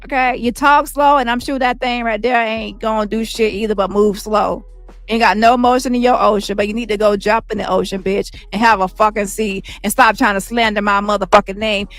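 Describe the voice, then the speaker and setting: A woman's voice: medium pitch, fairly even intonation, a little fast, a bit bright, dry recording, faint music behind. Brash ranting woman, mocking and profane, dry close mic. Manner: brash, mocking, repetitive, heavy cursing. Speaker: commentary channel host.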